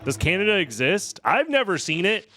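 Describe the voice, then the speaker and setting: A man's voice: high voice, big pitch swings, moderate pace, sharp tone, soft background music. An American man commentating a live-stream game run, joking and sarcastic as he chats with viewers. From United States.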